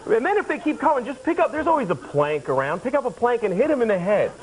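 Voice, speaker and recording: A man in his thirties from the Boston area, a comedian guest telling absurd stories deadpan, rambling along and now and then yelling. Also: very high-pitched, fast talker, crowd noise, poor audio. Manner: deadpan, rambling with sudden yelled bits. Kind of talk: deadpan absurd talk-show storytelling. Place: TV studio. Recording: old VHS broadcast with tape hiss.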